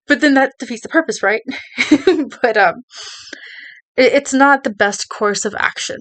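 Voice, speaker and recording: A woman's voice: a little high, normal speed, long pauses, fairly bright tone. A woman talking to her viewers, giving earnest advice in a rambling way, with many restarts and "you know"s. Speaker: video creator. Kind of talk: casual advice talk to camera.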